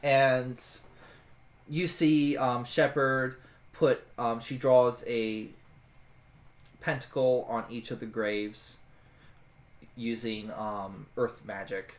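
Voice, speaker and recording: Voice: mid-range voice, fairly even intonation, takes it slowly, pauses often, reverberant. A tabletop player describing what the party's characters do, with many fillers. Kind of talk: narrating a tabletop game.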